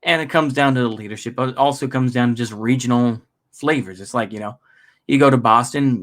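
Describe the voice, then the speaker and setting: A man's voice: medium pitch, quick pace, a bit bright. An American man giving a casual, rambling political monologue. He is self-deprecating and uses lots of fillers. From United States. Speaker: political vlogger.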